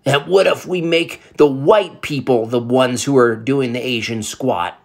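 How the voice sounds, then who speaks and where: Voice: mid-range voice, unhurried, creaky. A vlog commentator ranting about photographs in a heated, sarcastic way, with many fillers.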